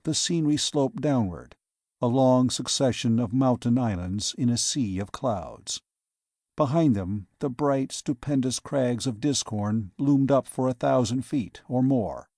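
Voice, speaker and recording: A man's voice: mid-range voice, no echo, studio quality. Man narrating a classic novel. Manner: steady, measured literary reading. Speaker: audiobook narrator. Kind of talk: scripted narration.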